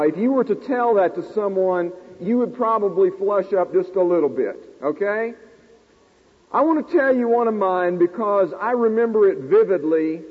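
A man in his forties preaching a sermon, an animated storyteller who pokes fun at himself in front of a live congregation. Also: sits high, breathy edge. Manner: animated, self-deprecating storyteller talking to a live audience. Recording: tinny lo-fi recording in a reverberant hall.

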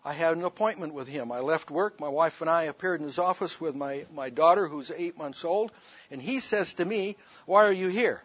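Man preaching his testimony, emphatic storyteller, kinda breathy, a bit high, dull lo-fi sound. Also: moderate pace, no echo. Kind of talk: sermon testimony. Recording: dull lo-fi recording.

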